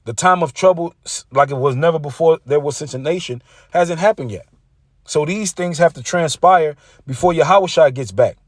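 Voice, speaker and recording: A man's voice: on the high side, normal speed, dry recording, clean studio sound. A man preaching combatively, reading scripture aloud and mocking rival preachers. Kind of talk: street-preacher sermon video.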